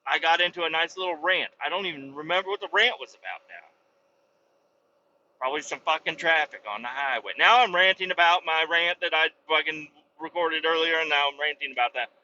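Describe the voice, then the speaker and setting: A man's voice: on the high side, a little fast, bright, forceful tone, highs cut off, slight background noise. A young adult man hosting a solo podcast, ranting casually and profanely. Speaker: podcast host, truck driver.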